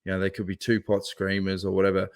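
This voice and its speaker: A man's voice: deep voice, completely flat delivery, quick pace. Australian man telling a yarn. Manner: anecdotal storyteller, quotes people. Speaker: podcast co-host. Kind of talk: casual chat.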